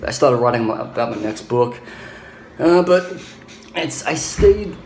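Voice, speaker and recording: A man's voice: mid-range voice, lively intonation, unhurried, darkish tone, echoey room, slight background noise, rough recording. A young man from Australia talking bluntly in a casual travel vlog, ranting and often restarting his sentences. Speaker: travel vlogger.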